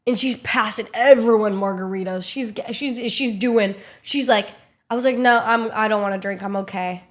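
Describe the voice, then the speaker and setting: A young woman telling a trip story to camera in a chatty, casual way, swearing freely and acting out quotes. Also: normal speed. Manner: chatty, swears freely, acts out quotes in high squeaky voices. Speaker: streamer vlogging a trip.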